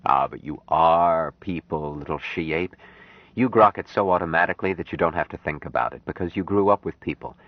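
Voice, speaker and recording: A man reading an audiobook, voicing a calm grown man raised apart from people, speaking slowly and earnestly. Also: deep voice, no room sound, lightly acted. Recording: dry, dull lo-fi audiobook recording.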